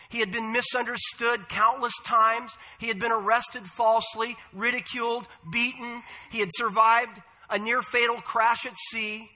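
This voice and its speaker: Man, pastor, sermon, high-pitched, bright, earnest, measured. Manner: measured, earnest delivery with "uh" fillers.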